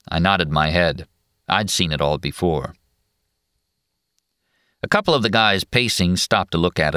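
Very deep-voiced male narrator. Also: clear, resonant tone, no echo, clean studio sound. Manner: steady, measured first-person telling. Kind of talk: audiobook narration.

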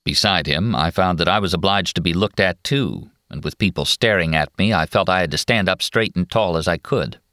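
Very deep-voiced male narrator. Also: dry recording, studio quality. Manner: steady, measured first-person telling. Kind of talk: audiobook narration.

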